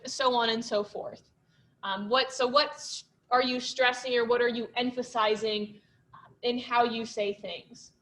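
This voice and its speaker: A woman's voice: a little high, fairly even intonation, a little slow, fairly bright tone. A young woman giving a casual classroom presentation, chatty, with lots of "um" and "like" fillers. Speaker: student presenter.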